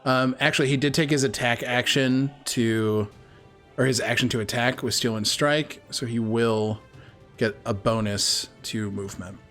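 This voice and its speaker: A man acting as game master on a video call, relaxed and affirming as he runs turns. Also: medium pitch, faint music behind. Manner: relaxed, affirming, quick to say okay. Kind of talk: running a tabletop game.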